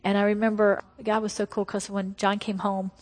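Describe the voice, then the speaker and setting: A woman's voice: mid-range voice, monotone, moderate pace. Woman preaching a testimony in a reverberant hall. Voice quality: emphatic storytelling, drops to hushed tones. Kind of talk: testimony sermon.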